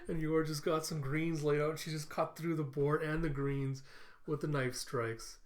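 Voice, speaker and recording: Casting: chatty, amused male reviewer with a higher-pitched voice. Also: level tone, moderate pace. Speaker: anime reviewer. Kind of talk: casual reaction recap.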